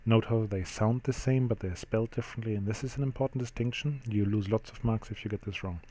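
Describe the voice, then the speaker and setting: Mellow-voiced man teaching French grammar. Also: lowish voice, fast talker. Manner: explanatory, steady, with frequent ums. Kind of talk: classroom-style grammar lesson.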